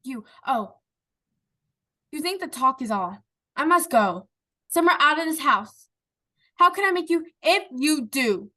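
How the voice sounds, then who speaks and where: A woman's voice: high voice, animated, measured pace, long pauses, sharp tone, full character voice. A woman reading the part of a grieving young wife, bitter and accusing, in an impassioned recitation. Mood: anguished. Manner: impassioned, rising into anguished outbursts.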